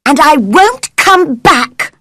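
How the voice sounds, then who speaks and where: A woman voicing a cross, stubborn young girl with sharp, angry outbursts in a storybook reading. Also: high voice, animated, takes it slowly, dry recording, pitched above the performer's own voice, full character voice. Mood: defiant.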